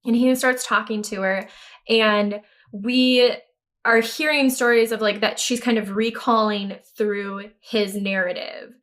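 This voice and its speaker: A woman with a mid-range, slightly bright voice talks at a measured pace and fairly even intonation. She's co-hosting a podcast, casually retelling a movie plot, bluntly swearing, laughing frequently and playing out the characters' lines.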